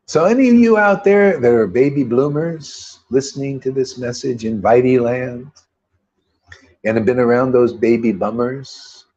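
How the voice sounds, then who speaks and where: Laid-back husky man giving a devotional talk. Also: fairly low pitch, darkish tone, highs cut off. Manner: rambling, laid-back, says "man" often. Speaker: devotional speaker.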